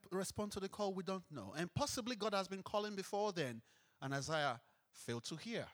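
A man preaches a sermon in a high voice that swings widely in pitch. He puts questions to the congregation and stresses his points with rising emphasis. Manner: emphatic, acts out scripture with rising intensity.

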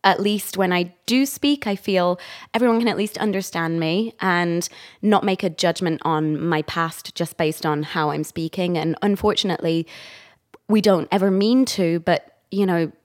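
A woman's voice: lowish voice, normal speed. A woman, an actor and director, chatting as a podcast guest in a rambling, laugh-prone way. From England. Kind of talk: casual interview chat.

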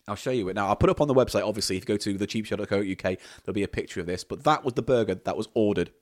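A man's voice: fairly low pitch, rapid-fire. A man hosting a comedy podcast, reading out listener letters in a dry, sardonic and sweary way. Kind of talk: casual comedy chat.

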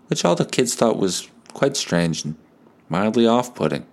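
A man's voice: on the low side, lively intonation, moderate pace. A male podcast host improvising a story, rambling and laughing at himself. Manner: rambling, laughs at his own tale.

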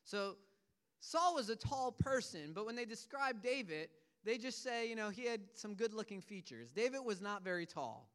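High, smooth-voiced male preacher. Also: very animated, moderate pace, a bit bright. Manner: earnest storytelling preacher, paraphrasing scripture in casual words. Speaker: pastor. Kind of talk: sermon.

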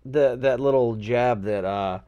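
A man's voice: mid-range voice, measured pace, dark tone, dull audio. A man co-hosting a casual political chat podcast, rambling with hesitations and going into comic rants.

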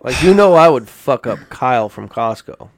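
Laid-back young male co-host, gravelly tone, dry and close. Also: medium pitch, lively intonation, normal speed, no echo. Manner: laid-back, reads listener questions aloud. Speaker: podcast co-host. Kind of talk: casual chat.

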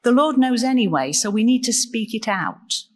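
A woman preaching a sermon in a slow, measured way and asking rhetorical questions. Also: fairly high pitch, animated. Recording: long reverb in a large hall.

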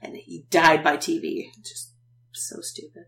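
A woman's voice: low-pitched, flat delivery, measured pace, gravelly, a bit bright. A woman podcast host casually recapping a TV episode, chatty and laughing often.

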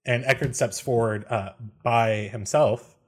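A man narrating as game master of a tabletop game, laughing often and filling pauses with "uh" and "um". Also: mid-range voice, steady tone. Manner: laughs often, many fillers.

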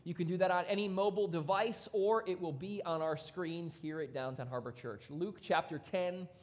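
A pastor preaching a sermon in a church, casual and conversational, with sudden loud bursts. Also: medium pitch, normal speed.

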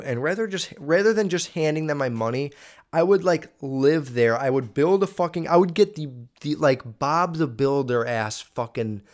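A young man in a casual, profane monologue, reading a list aloud, stumbling over words and swearing freely as he rambles. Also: a little high. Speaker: vlogger.

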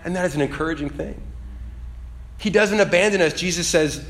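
A man preaching a sermon in a casual, conversational way that climbs to emphatic peaks. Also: a little fast. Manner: conversational, dynamic, rising to emphatic high peaks.

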